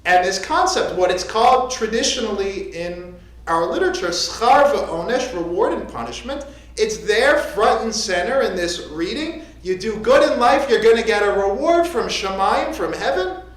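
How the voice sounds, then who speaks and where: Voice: medium pitch, expressive, normal speed. A rabbi giving a conversational, joking sermon from the pulpit of a synagogue. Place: synagogue sanctuary. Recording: echoey sanctuary.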